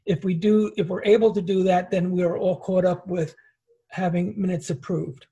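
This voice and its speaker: A man who is a business administrator giving a halting report full of fillers at a school board meeting. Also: high-pitched, little pitch movement, dark tone, slightly rough, highs cut off. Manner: halting, many fillers and repeated words.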